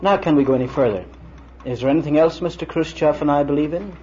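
Older guy lecturing like a sermon, mellow voice, muffled old recording w/ a little hiss. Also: fairly high pitch, quick pace. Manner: storytelling, conversational, quotes others in dialogue. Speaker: preacher lecturing. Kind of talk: lecture-style sermon with anecdotes. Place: lecture hall with students. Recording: dull lo-fi vintage recording with faint hiss.

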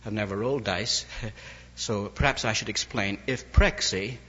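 A man's voice: on the low side, measured pace, very noisy. A man preaching a sermon, telling anecdotes and acting out the dialogue of the people in them, in an old recording. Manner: storytelling, quoting others in dialogue. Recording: lo-fi old recording in a reverberant hall.

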